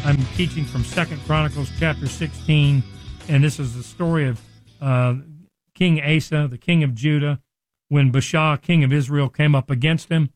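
A man's voice: a little high, fairly even intonation, normal speed, faint music behind. A man teaching a Bible lesson in a conversational sermon style, often restarting and acting out quoted speech.

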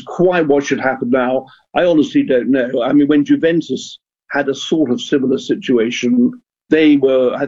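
Older male radio guest, earnest and hesitant, dark husky tone, slightly muffled line. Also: medium pitch. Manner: hesitant, repeats words, earnest. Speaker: guest, former football club chairman. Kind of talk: radio discussion.

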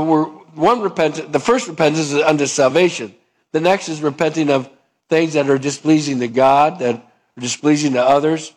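A man preaching a sermon as pastor, asking the congregation questions and acting out little dialogues in changing voices. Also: fairly high pitch. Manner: acts out dialogues with shifting voices; calls for amen, asks the congregation questions.

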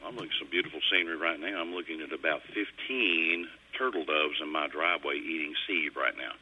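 A man's voice: very deep voice, fairly even intonation, fairly quick, slightly rough, muffled recording. A middle-aged man, hosting a radio show in a folksy, rambling storytelling way. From Kentucky. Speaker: radio host. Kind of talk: casual on-air chat. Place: radio studio.

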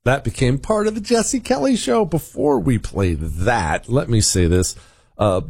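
A man's voice: medium pitch, expressive, a little slow, darkish tone, breathy edge, no room sound, studio quality. A man hosting a talk radio show, delivering an emphatic, sarcastic political monologue and ad reads.

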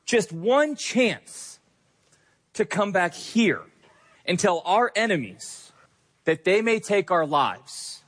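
A defiant rebel leader rallies his army, drawing out each phrase with slow, rousing emphasis, as a pastor recites him from the pulpit. The voice sits a bit high and rings through a long, echoing hall. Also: big pitch swings, a bit bright, exaggerated voice.

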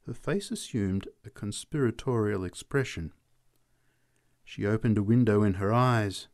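A man reading a short story aloud as the narrator, in a measured storytelling manner. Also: lowish voice, darkish tone.

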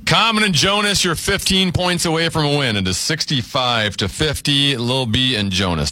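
A man hosting a word game show, briskly announcing scores, clues and whose turn it is. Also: mid-range voice, expressive, pushed and bright, a faint crowd.

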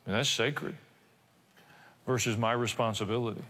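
Older pastor preaching in an echoing hall. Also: male voice, medium pitch, steady tone, normal speed, a bit bright. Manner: conversational preaching with asides and rhetorical questions. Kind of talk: sermon. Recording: reverberant church hall.

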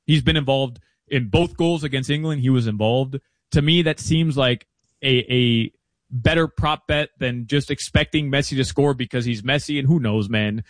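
A man chatting as a guest analyst about soccer betting, chatty and animated with quick asides. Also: medium pitch, no room sound. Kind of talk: casual interview chat.

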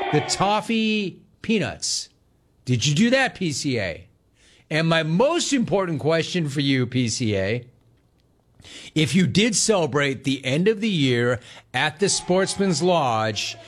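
A man in his forties hosting a sports talk show, telling stories in a lively, animated way and imitating his dad. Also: mid-range voice. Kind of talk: casual talk show monologue.

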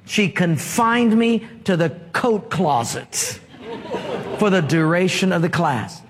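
Langzaam sprekende dominee met hoge stem. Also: male voice, high voice, slow pace, a crowd in the background. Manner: storytelling, humorous, asks congregation to answer. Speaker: pastor. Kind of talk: sermon. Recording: long hall reverb.

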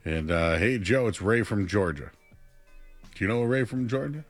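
Animated young man talking sports. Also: moderate pace, faint music behind. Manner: animated, pitch jumping when excited. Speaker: sports radio co-host. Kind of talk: casual sports talk.

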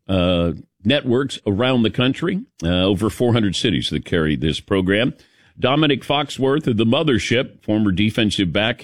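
Lively man hosting sports radio. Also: lowish voice, no room sound, studio quality. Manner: lively, jokey, calls on crew by name. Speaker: sports radio show host. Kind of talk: casual morning radio talk. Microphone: studio microphone.

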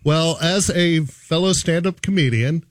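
A man's voice: on the high side, a little slow, dry recording, clean studio sound. A man, a stand-up comedian co-host, teasing and playful in casual banter.

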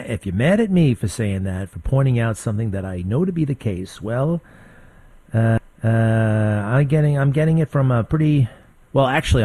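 A man's voice: medium pitch, darkish tone, no room sound. A man hosting a talk radio show, delivering a blunt, combative monologue that rambles and restarts.

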